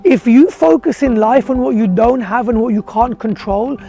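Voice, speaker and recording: A man's voice: very high voice, normal speed, warm tone, faint music behind. A man giving a motivational talk to dental professionals, asking rhetorical questions and telling a story in an earnest, direct way. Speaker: motivational speaker for dentists.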